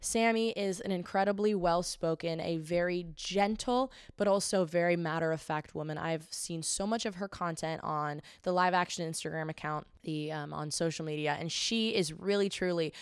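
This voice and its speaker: Young woman host, earnest and emphatic, smooth lowish voice, dry close sound. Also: normal speed, hardly any pauses, no room sound. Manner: earnest, emphatic, repeats phrases for stress. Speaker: podcast host. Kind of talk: opinionated monologue, then interview.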